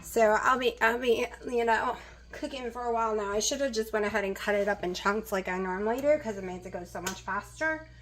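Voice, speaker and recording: A woman's voice: a little high, fairly quick, a bit bright, a little hiss or hum. Chatty woman rambling in her kitchen. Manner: rambling, chatty, many fillers. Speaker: vlogger. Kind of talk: casual kitchen vlog chat. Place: home kitchen.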